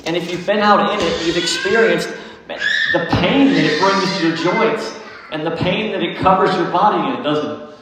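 A man's voice: sits high, normal speed, recorded from a distance. A man, an earnest, folksy pastor praying and preaching a sermon. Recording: echoey hall, faint noise.

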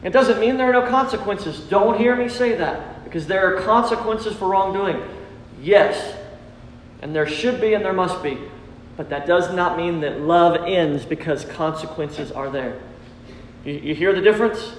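A man's voice: sits high, normal speed, a little hiss or hum. A man preaching a sermon as pastor to his congregation, earnest and repetitive, calling on listeners to respond. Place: church sanctuary. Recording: roomy hall reverb.

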